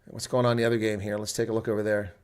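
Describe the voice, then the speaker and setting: A middle-aged man giving live play-by-play and color commentary on a rugby match, breaking into loud excited shouts at big plays and chatting casually with viewers in the lulls. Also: fairly low pitch, rapid-fire, smooth.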